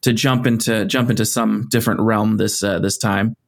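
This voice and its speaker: A man's voice: on the low side, steady tone, normal speed, gravelly. A man co-hosting a podcast in casual chat, laid-back and lightly teasing, often repeating his words. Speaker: podcast co-host.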